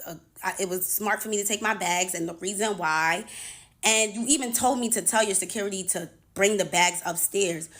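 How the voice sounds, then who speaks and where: Young woman, casual storytime vlogger, exasperated and profane, lively retelling. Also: medium pitch. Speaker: touring music artist.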